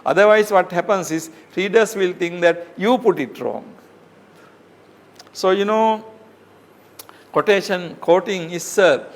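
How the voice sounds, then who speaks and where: Man lecturing slowly with rhetorical questions. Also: fairly high pitch. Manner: explains step by step with many fillers and rhetorical questions. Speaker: professor lecturing. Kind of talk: academic lecture.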